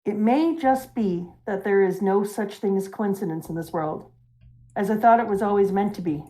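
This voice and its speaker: A woman reading out the slow, reflective words of a wise old male pirate from a comic. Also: high-pitched, mellow, close to an everyday voice, low-quality recording.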